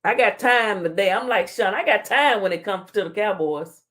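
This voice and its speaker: A woman's voice: mid-range voice, lively intonation, moderate pace, fairly bright tone. A woman hosting a casual live-stream talk show, reading comments aloud and trash-talking with a playful laugh. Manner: playful trash-talking, laughing, Southern slang like "child" and "honey".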